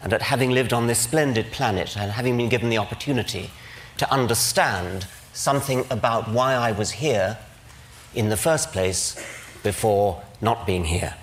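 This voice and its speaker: A man's voice: medium pitch, normal speed. Man, older, English accent, precise dry irony, stage lecture, large auditorium. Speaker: conference speaker. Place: large auditorium with live audience.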